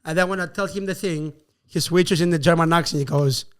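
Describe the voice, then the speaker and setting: A man from Greece, a guest comedian, improvising a story fast and animatedly and voicing the characters' lines. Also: on the high side, smooth. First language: Greek. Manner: rapid, animated storytelling with voiced quotes.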